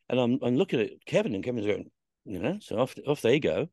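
In an interview on a podcast, a man with a medium-pitched, sing-song, darkish voice tells stories about his past a little fast. He swears freely, acts out quoted voices, and rambles with plenty of fillers and restarts. The recording is dry and studio quality.

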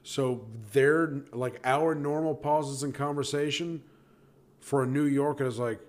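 A man's voice: fairly high pitch, fairly even intonation, unhurried. Young man, casual rambling talker, restarts often, swears freely. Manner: rambling retelling with restarts and profanity. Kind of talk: casual chat.

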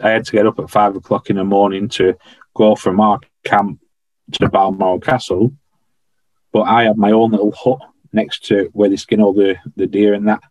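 Low-voiced man telling stories. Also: level tone, normal speed, darkish tone, no room sound, low-quality recording. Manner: chatty anecdotal, dialect grammar like "I was stood". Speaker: podcast guest, former royal guardsman. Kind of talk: casual storytelling.

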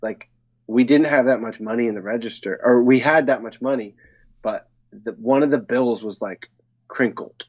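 A man's voice: mid-range voice, moderate pace, a little mellow, husky. Man telling loose stories on a dull mic. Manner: loose anecdotal storytelling with many fillers and restarts. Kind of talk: casual chat.

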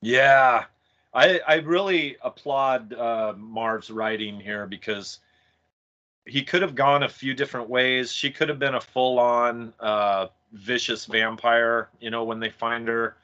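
Male podcast co-host, enthusiastic, bright forceful timbre, muffled lo-fi recording. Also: medium pitch, slow. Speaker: podcast co-host discussing comics. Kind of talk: casual chat. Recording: dull lo-fi mic.

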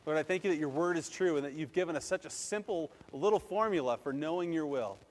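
A male pastor giving a lively sermon, acting out quotes and then leading a prayer. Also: fairly high pitch, fast talker, in a large hall. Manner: animated, acts out quotes and leads prayer.

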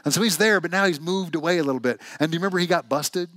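A male pastor delivers a sermon in a lively, conversational style, asking his listeners one question after another. His voice sits a little high for a man. The recording is close and dry. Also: racing, dry recording. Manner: conversational, animated storytelling with rhetorical questions.

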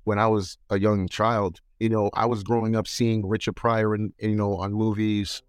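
A lower-voiced man, recounting his start in entertainment in a relaxed interview. He talks animatedly and slips into impressions of people in his stories. The recording is dry and close. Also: moderate pace, smooth, dry recording. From New York. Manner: animated, mimics voices in anecdotes. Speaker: guest entertainer. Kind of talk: casual interview storytelling.

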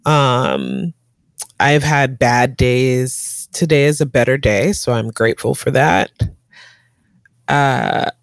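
A woman's voice: rumbling low, lively intonation, takes it slowly, no room sound, clean studio sound. A woman in her thirties chatting casually over a video call, rambling with many fillers and frequent laughs. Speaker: guest in a conversation. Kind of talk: casual chat.

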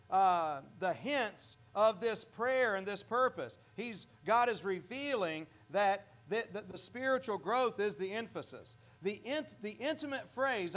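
A pastor preaching a sermon in a church, earnest, often repeating and restarting words. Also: male voice, high-pitched, fairly bright tone.

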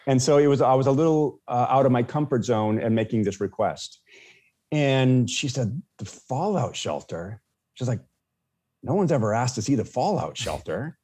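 A man's voice: mid-range voice, animated, normal speed, dark tone. A man casually telling a personal story as a podcast guest, with many restarts and fillers.

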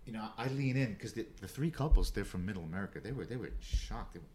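Man, low voice, podcast guest, stammering storyteller, swears a lot, faint background hum. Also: fast. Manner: animated storyteller, stammers and restarts, swears freely.

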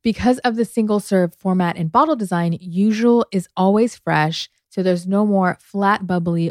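A woman's voice: fairly low pitch, moderate pace, hardly any pauses, dry recording, clean studio sound. A woman co-hosting a podcast in casual chat, talkative and laughing often. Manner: chatty, laughs often, says "like" a lot. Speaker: podcast co-host.

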